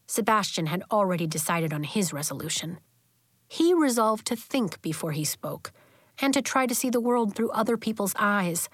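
Gentle woman reading a children's book. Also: medium pitch, normal speed, no echo, clean studio sound. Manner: gentle, even storytelling with voiced characters. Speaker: audiobook narrator. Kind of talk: audiobook reading of a children's novel.

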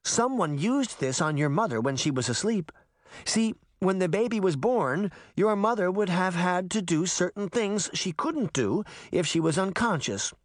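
A man voicing a calm female nurse who explains things in a measured way, in a storybook reading. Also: medium pitch, no room sound, clean studio sound, pitched above the performer's own voice, lightly acted. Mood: explaining.

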